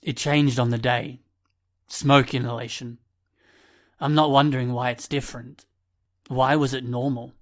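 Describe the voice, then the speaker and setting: A man playing a bitter teenage boy with glasses, scornful and accusing, pushing his voice a little higher than the narration. An audiobook character who sneers, lectures and asks pointed questions. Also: flat delivery, a little slow, pauses often, lightly acted. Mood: weary.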